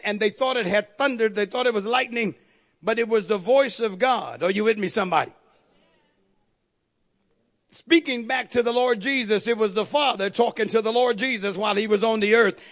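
A man preaching a sermon with fervor, repeatedly calling on the congregation to agree and building to shouted peaks. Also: extremely high pitch. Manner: call-and-response, repeatedly asking the congregation to agree.

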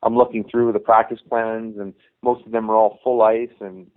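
A man's voice: on the low side, flat delivery, normal speed. A middle-aged man, a youth hockey coach, telling a long story in a casual interview, full of restarts and "you know". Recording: tinny phone-line sound.

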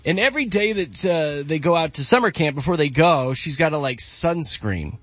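A man's voice: fairly high pitch, normal speed, no echo. A man hosting a morning radio show, chatting casually and telling stories on air. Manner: chatty storytelling, lively. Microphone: studio mic. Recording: muffled broadcast audio with faint music.

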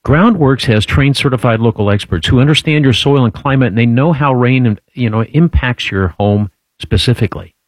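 A man co-hosting a radio show, chatting and reading an ad in a lively, storytelling way. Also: mid-range voice, normal speed, few pauses, no echo, low-quality recording. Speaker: radio co-host. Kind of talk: casual radio chat and live-read ad.

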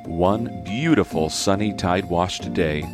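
A man reading a children's story aloud in a slow, gentle storyteller's manner. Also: low-pitched, over music.

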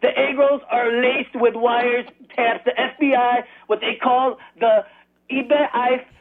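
A man from Chicago with a Chicago accent calling a radio show, fast and scattered. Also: very high-pitched, fairly even intonation. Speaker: caller. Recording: tinny phone line.

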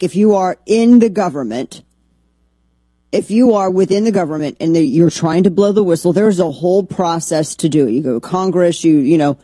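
A woman's voice: fairly low pitch, warm tone, breathy edge, dry recording. Brash, combative talk radio woman. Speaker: radio show host. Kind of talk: political talk radio monologue.

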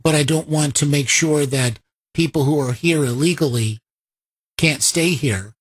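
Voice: mid-range voice, measured pace, slightly rough. A political commentator putting on the voice of a smug, evasive politician in a mocking singsong.

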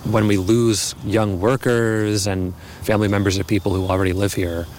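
A man with a lowish voice explains in plain terms during an outdoor field interview. Faint street noise and passing vehicles sit behind him. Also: flat delivery, normal speed, darkish tone. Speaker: housing economist.

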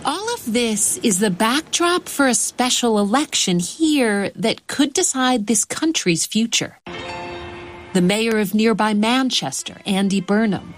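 A woman's voice: fairly high pitch, lively intonation, a little slow, soft background music. Woman reading a news report. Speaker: radio reporter. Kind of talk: scripted news narration.

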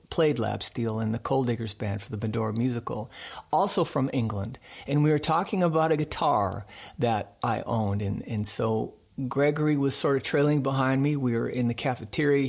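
A man from the United States who hosts a radio show, telling a story in an animated way during a radio interview. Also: mid-range voice, vocal fry. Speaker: show host.

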